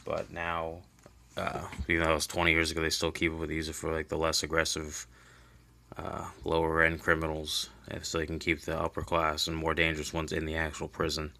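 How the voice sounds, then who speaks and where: Flat-voiced man recapping a comic. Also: rumbling low, fairly quick, gravelly. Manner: loose and rambling, many fillers and restarts; offhand, swears casually. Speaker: comic book reviewer.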